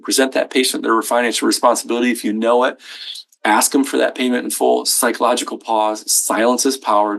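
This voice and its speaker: A man's voice: mid-range voice, vocal fry, fairly bright tone. A middle-aged man leading a healthcare billing training session, folksy and fond of acting out quoted conversations. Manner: folksy, acts out quoted exchanges. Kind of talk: live training talk to staff.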